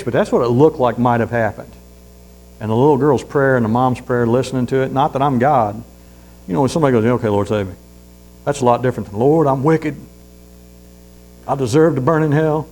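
Preacher, man, gravelly voice, folksy sermon storytelling with a faint hum under it. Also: mid-range voice, poor audio. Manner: folksy storytelling, rising loud on points then dropping to hushed asides.

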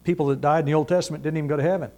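A man's voice: on the high side, fairly even intonation, racing, darkish tone, rough recording. A man preaching a sermon in a folksy, emphatic way, his voice rising to stress a point. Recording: mains hum.

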